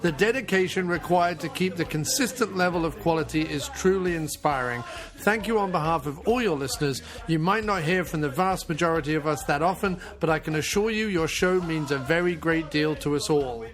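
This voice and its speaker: A man's voice: on the high side, fairly quick. A man hosting a podcast, chatting casually with frequent laughs and reading a listener's email aloud. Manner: easygoing, laughs often. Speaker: podcast host.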